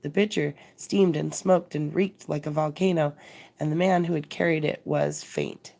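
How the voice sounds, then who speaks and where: A woman narrating a classic story aloud as a bedtime reading, measured and expressive. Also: low-pitched, gravelly.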